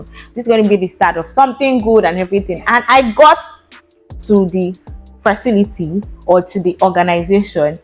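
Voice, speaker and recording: A young woman with a Nigerian accent, telling a personal story in a chatty, animated vlog. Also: mid-range voice. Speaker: vlogger.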